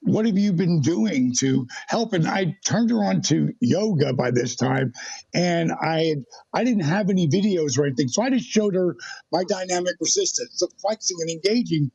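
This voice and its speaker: Male guest, animated storyteller; higher pitch, raspy, recorded dry and dull. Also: moderate pace, no echo. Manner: animated, acts out quoted dialogue. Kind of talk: storytelling in a podcast interview.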